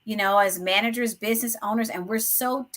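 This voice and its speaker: A woman hosting an interview, asking measured, inviting questions. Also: medium pitch, steady tone, a bit bright. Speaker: host.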